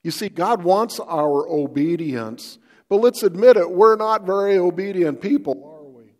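Male pastor, homespun devotional talk, unhurried, rather high voice, reverberant room. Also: animated. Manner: folksy, conversational, asks the listener questions. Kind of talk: devotional sermon to camera.

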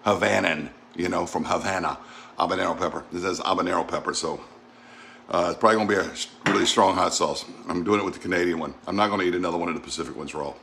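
Middle-aged southern guy from the gulf, low voice, folksy rambling chatter in a home cooking vlog. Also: fast, gravelly, slight background noise. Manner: chatty, folksy, thinks out loud while tasting. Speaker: cooking vlogger.

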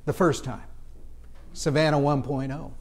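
Canadian pastor guy telling stories in his sermon, kinda high voice, does little voices for people. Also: level tone, unhurried. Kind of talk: storytelling sermon.

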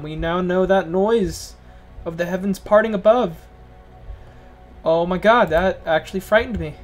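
A gamer giving let's play commentary, jumpy and swearing often, sometimes yelling at game characters and reading game text aloud. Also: medium pitch, unhurried, soft background music. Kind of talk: gaming commentary.

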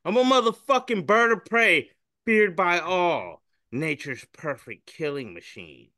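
A man voicing a boastful male hawk who brags loudly and swears, read from a comic meme. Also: high voice, expressive, unhurried, dry recording, clean studio sound, pitched above the performer's own voice, exaggerated voice. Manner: loud, cocky bragging with profanity.

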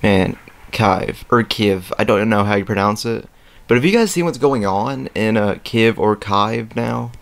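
A young man hosting a let's play, rambling casually with lots of fillers and throat clearing as he plays a strategy game. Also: lowish voice, animated, normal speed. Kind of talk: casual gameplay commentary. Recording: faint game music behind.

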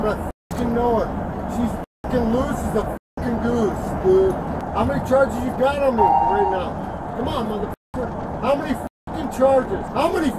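Angry guy screaming threats over and over in the back of a cop car, high strained voice, far off on a noisy body cam. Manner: yelling, repetitive, threatening. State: agitated. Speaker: arrested suspect. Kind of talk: profane shouting rant. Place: back seat of a patrol car. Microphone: officer's body camera.

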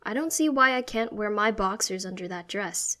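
A woman's voice: medium pitch, moderate pace, pushed and bright, natural voice. A woman voicing an anxious, self-conscious young person speaking hesitantly in a read-aloud story. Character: anxious young person, boy turned girl.

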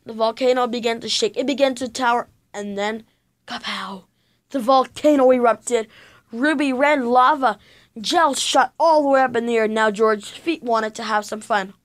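A woman's voice: a little high, normal speed. A woman reading a children's chapter book aloud, telling it with drama and sound effects.

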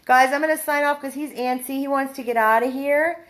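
A woman volunteering at a dog rescue, giving a casual video update to followers and slipping into high baby talk with a dog. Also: brisk.

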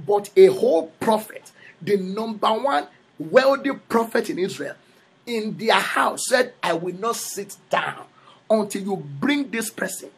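Gravelly, high-voiced Yoruba-accented preacher. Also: male voice, a bit bright. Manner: switches between English and Yoruba, repeats phrases for emphasis. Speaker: prophet preaching. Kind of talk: sermon.

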